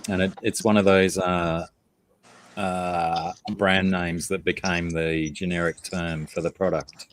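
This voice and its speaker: Deep-voiced Australian man, hesitant. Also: little pitch movement, a little hiss or hum. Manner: explains slowly with many hesitant fillers. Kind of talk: casual chat.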